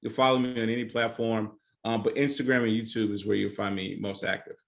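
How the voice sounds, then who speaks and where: A man guest on a podcast explaining social media strategy in an emphatic, animated casual way. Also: fairly low pitch, fast, creaky. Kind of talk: casual interview chat.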